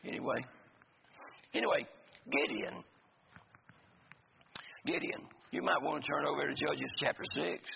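A man's voice: a little high, measured pace, pauses often. A man preaching a sermon to a congregation, with folksy, joking asides. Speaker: pastor. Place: church sanctuary. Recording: gravelly voice in a reverberant hall, dull lo-fi sound, faint noise.

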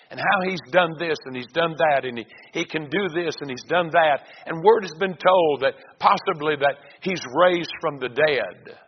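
A man's voice: a little high, moderate pace. A male preacher giving a folksy, emphatic sermon and reading scripture aloud in a church. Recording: dull echoey church recording with faint hiss.

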